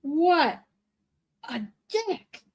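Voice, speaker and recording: A woman's voice: extremely high pitch, animated, very slow. A woman hosting a livestream who reacts to clips in a bewildered, exasperated way and swears in her asides. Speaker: livestream host. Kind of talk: casual reaction commentary.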